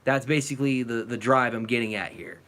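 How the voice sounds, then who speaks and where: A man hosting a reaction video, delivering an angry, profane rant at a clip, sometimes shouting. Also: mid-range voice, brisk, noisy background. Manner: furious and profane, at times shouting.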